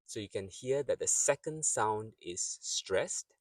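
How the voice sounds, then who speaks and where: A man gives an English pronunciation lesson in a slightly low voice, taking his time over every word. He repeats example words and leans on the stressed syllables. The sound is dry and close. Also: animated, slow, hardly any pauses, no room sound.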